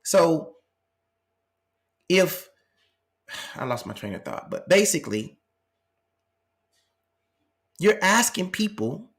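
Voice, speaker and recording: A man's voice: high voice, very animated, slow pace, pauses often, a bit bright. A man hosting a live commentary stream, arguing with passion and firing off rhetorical questions. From United States. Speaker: channel host.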